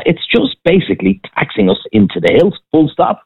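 Blunt Irish caller on a tinny phone line. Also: male voice, fairly high pitch, wildly swooping pitch, fairly quick, slightly rough. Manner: blunt, cynical, chatty. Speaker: caller, restaurant owner. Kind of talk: phone-in chat.

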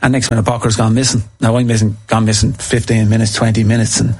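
A man, a former footballer telling animated stories in casual chat and acting out what people said. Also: lowish voice, fast, husky. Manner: animated anecdotes, acts out quotes. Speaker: former footballer, podcast guest.

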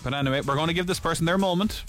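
A man's voice: a little high, rapid-fire, faint music behind. A male radio host chatting casually in a studio, playful and self-deprecating. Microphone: studio microphone.

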